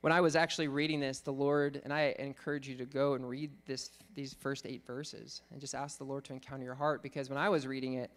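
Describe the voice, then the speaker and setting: A man preaching a sermon, teaching earnestly, reading scripture slowly and thinking aloud with fillers. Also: medium pitch, flat delivery.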